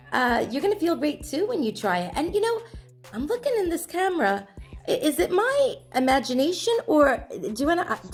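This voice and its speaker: Gushing, lively-voiced woman vlogger. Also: high-pitched, gravelly. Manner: gushing, exclamatory, chatty. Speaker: vlog host. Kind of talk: casual chat to camera.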